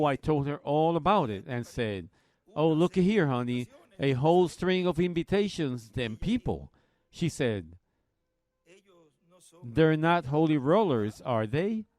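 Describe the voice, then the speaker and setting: A man preaching a Bible study, slowly retelling a story and quoting others in a plain, folksy way. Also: on the high side, a little mellow.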